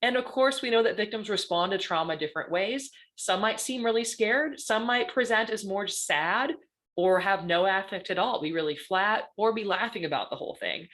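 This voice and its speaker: A woman's voice: mid-range voice, normal speed, a bit bright. A woman giving a conversational presentation as a guest panelist, often checking in with "right?". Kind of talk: presentation talk.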